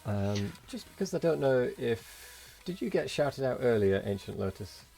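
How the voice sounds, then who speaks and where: A man's voice: mid-range voice, big pitch swings, normal speed, gravelly, warm tone, faint music behind. A man hosting a late-night game live stream, tired and rambling as he thanks viewers and chats with his co-player. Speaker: streamer host. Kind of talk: casual live-stream chat.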